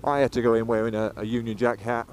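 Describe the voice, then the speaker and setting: A fast-talking English motorcycle vlogger with a mid-range voice and flat delivery chats and rambles while riding on the road. He swears freely and drifts between topics. His helmet-mounted action camera captures faint road and engine noise.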